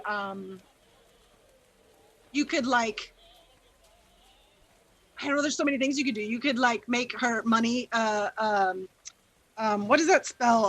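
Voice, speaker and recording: Woman game master, chatty and loose, with a bright, high voice. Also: low-quality recording. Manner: casual, chatty, many fillers. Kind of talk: narrating a tabletop game.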